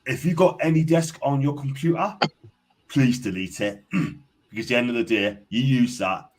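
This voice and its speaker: A man's voice: mid-range voice, moderate pace. A man talking as a guest on a casual live stream, earnest and hesitant with many fillers.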